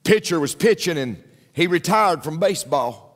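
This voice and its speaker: Male pastor, sermon delivery, high and animated voice, emphatic and repetitive, with a long hall reverb. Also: moderate pace. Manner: emphatic, repetitive preaching with frequent asides to the congregation.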